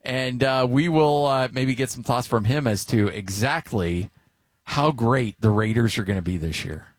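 A man's voice: medium pitch, normal speed, dry recording. A middle-aged man hosting a sports talk show, telling stories in a casual, rambling way with lots of filler words. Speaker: sports radio host.

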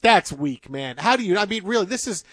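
A male sports talk host from the Detroit area, chatting in animated, rambling banter that repeats itself. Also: sits high, a little fast, dry recording, clean studio sound. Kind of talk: casual banter.

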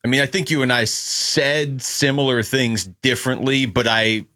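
A man's voice: mid-range voice, fairly even intonation, moderate pace, pushed and bright. A man co-hosting sports talk, answering with dry, wry remarks. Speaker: sports radio co-host.

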